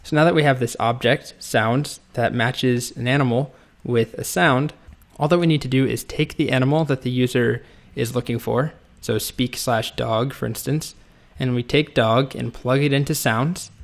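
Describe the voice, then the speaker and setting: Speaking at normal speed with a medium-pitched, gravelly voice, a coding instructor leads a screen-recorded lesson. He types along in a relaxed manner while explaining each step.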